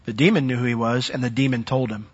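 A man preaching a sermon, animated, with sudden loud swells and soft drops as he retells the story. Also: mid-range voice, quick pace, slightly rough, muffled recording.

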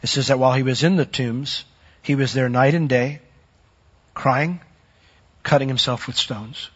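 A man preaching a sermon, animated, with sudden loud swells and soft drops as he retells the story. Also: medium pitch, measured pace, breathy edge, muffled recording.

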